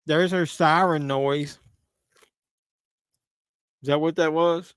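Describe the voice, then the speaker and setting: Crude joking man, fairly high voice. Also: steady tone, takes it slowly, smooth, no echo. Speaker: live-stream host. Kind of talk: casual movie watch-along commentary.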